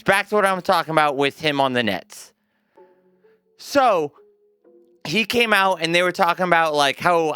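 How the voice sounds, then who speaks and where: A man's voice: high voice, sharp tone, clean tone. A young man giving a casual, profane sports opinion rant to his viewers, emphatic and talking like he's chatting with a friend. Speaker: sports commentary vlogger.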